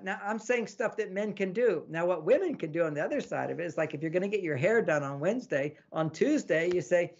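A man with a slightly high, gravelly voice talks through relationship advice as an interview guest. He is animated and keeps slipping into little acted-out quotes with a laugh. The sound is dull and lo-fi. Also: a little fast, hardly any pauses. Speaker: relationship author and podcast guest. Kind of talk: casual advice talk in an interview.

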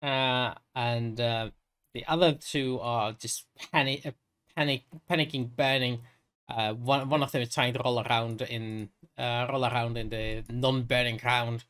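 A man narrating a tabletop game as game master, halting and restarting often. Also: mid-range voice, steady tone, fairly bright tone, clear, resonant tone. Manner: halting, full of fillers and restarts.

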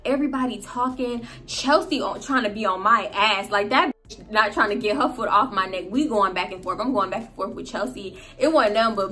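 Slangy, animated woman telling a story. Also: mid-range voice, fairly quick. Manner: animated, slangy, profane, laughing asides. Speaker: storytime vlogger. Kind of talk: casual storytelling.

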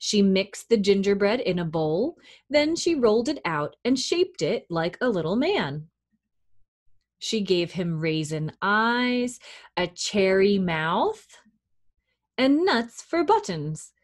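Slow, lively children's librarian woman. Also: medium pitch. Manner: gentle, encouraging, speaking to young children. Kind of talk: children's storytime reading.

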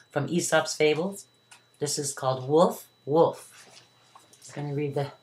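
A woman's voice: deep voice, measured pace, pauses often. An older woman, a retired teacher, reading a children's story aloud at home. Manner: warm, expressive reading to children.

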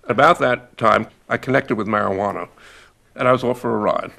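A man in his seventies from the United States, a novelist reflecting on his past in a measured documentary interview. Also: medium pitch, pushed and bright. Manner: gravelly, measured, stopping to restart.

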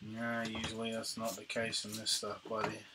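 A man's voice: on the low side, very noisy. A man hosting a card break, casually opening packs and reading out player names and teams. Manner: relaxed, reads out names and teams in a quick list.

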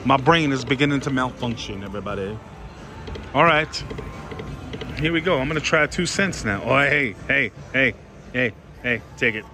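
A man vlogging at slot machines, talking to his viewers with sudden excited outbursts. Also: mid-range voice, normal speed. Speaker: casino vlogger. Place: casino floor. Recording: loud music behind voice. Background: loud casino machine music.

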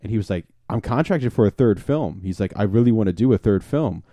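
Young man, podcast co-host, fast talker, mellow dark voice, excited storyteller, swears, acts out quotes. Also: on the low side, dry recording, clean studio sound. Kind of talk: casual chat.

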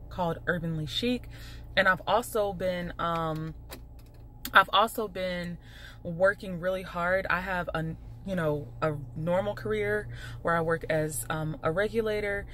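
Sitting in her car with her phone at arm's length, a young Chicago-accented vlogger chats casually to the camera, throwing in plenty of "y'all." Her voice is fairly low yet fairly bright, with slight background noise.

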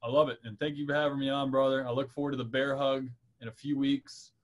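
A man guests on a podcast and talks in an easy, friendly manner. His voice has an ordinary middle pitch. He keeps things loose, tossing in "bro" and "brother.". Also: level tone, fast talker. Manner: laid-back, friendly, calls the host "bro". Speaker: guest, professional baseball pitcher. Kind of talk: casual interview chat.

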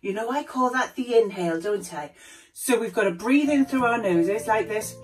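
A woman voicing a cheerful puppet who gently teaches children a calm breathing exercise step by step. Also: a little high, normal speed, distant mic, music in the background, natural voice, poor audio. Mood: encouraging. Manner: gentle, encouraging, explains step by step.

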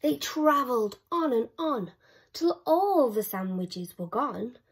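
A woman reading a rhyming children's picture book aloud, with rhythmic, expressive delivery. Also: on the high side, slow pace, husky. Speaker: storyteller.

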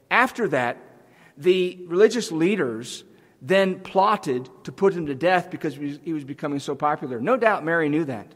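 Earnest preaching man in a reverberant church. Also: fairly high pitch. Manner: earnest, emphatic preaching with rising intensity. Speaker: pastor. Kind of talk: sermon. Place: church sanctuary.

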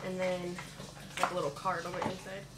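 A young woman chatting casually to her viewers at home in a family vlog, switching between baby talk to her daughter and relaxed chat to the camera. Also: on the low side, fairly quick, very noisy. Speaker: family vlogger.

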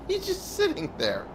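A drowsy man talks his way through a video game, grumbling and cursing at it in a slow, unhurried drawl. His pitch still jumps about a lot as he reacts. Steady background noise sits under the voice. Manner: chatty, swears, grumbles at the game. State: sleepy, yawning. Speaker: let's play gamer. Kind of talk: casual gameplay commentary.

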